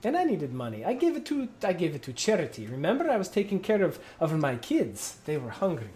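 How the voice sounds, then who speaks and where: A game master doing a loud boastful ship captain. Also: mid-range voice, huge pitch swings, brisk, voice pushed up. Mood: self-justifying. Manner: grandiose, self-praising.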